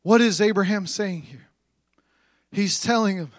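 Man preaching, really high bright voice, dry sound, gets loud and shouty, repeats lines. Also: a little slow, long pauses, no echo. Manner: builds to fervent shouting, repeats phrases. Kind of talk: sermon.

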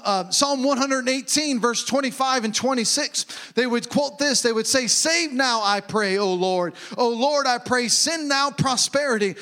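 A man preaching a sermon, swinging from shouted peaks to low, quiet murmurs.

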